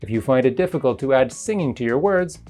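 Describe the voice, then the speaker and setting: A teacher reading a scripted narration that explains pronunciation in an even, explanatory way. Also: medium pitch, fast, soft background music. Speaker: English teacher.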